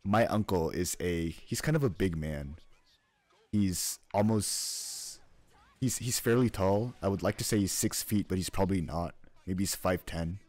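A man's voice: low-pitched, unhurried, a little mellow. A man in his twenties chatting casually while gaming, telling a rambling story and laughing often. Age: 20s. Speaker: streamer.

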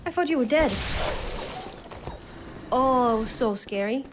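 High-voiced woman chatting while gaming. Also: expressive, takes it slowly, noisy background. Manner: chatty, giggly, reacting aloud. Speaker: streamer. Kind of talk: casual gameplay commentary. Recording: game music behind voice. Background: game music.

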